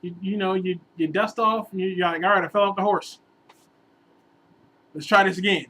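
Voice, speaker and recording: A man telling a long, rambling relationship story in a casual vlog, animated and sometimes bursting into exasperated outbursts. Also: sits high, normal speed, breathy edge, rough recording. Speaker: vlogger giving relationship advice.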